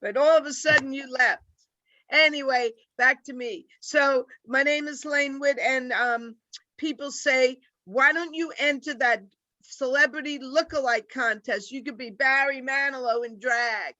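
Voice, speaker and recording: Bright-voiced older New York woman comic. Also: high-pitched, measured pace, no room sound, highs cut off. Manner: deadpan, rambling joke delivery. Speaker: stand-up comic. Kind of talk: stand-up comedy set on a video call.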